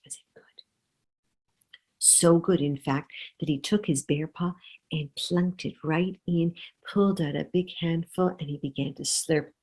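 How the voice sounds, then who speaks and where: Woman storyteller, children's tale, very slow pace, husky voice, low-ish pitch. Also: poor audio. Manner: expressive, drawn-out storytelling delivery.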